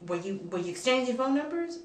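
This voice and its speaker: A woman's voice: high-pitched, sing-song, fast talker, roomy sound, distant mic. A woman putting on a suspicious, jealous woman pointedly questioning a stranger.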